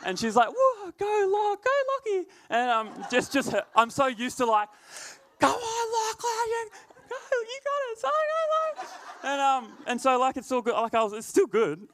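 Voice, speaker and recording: Young aussie guy preaching to youth, high-ish voice, smooth, laughs a lot, lots of "like". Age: young adult. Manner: laid-back, laughing often, chatty filler words. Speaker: youth leader. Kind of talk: youth sermon with storytelling.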